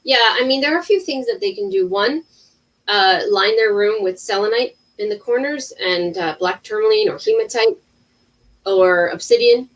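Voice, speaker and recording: A woman in her thirties, an intuitive healer talking casually on a livestream, animated, with many restarts. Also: medium pitch, normal speed, recorded from a distance, poor audio. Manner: animated storytelling with acted-out quotes and many restarts.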